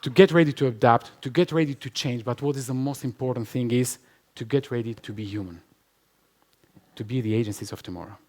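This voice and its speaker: A man speaks at a live conference, hammering points with repetition. His voice sits in a middle pitch, and he laughs easily as he answers questions. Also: a little fast, darkish tone. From Albania. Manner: emphatic, repetitive, laughs often. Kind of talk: conference talk and Q&A. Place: conference hall with live audience.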